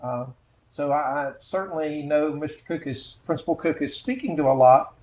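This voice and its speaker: A man moderating a panel who reads out audience questions, hesitant and filled with pauses. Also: fairly high pitch, a little mellow, echoey room, poor audio. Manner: hesitant, with many fillers while reading names. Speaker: webinar moderator.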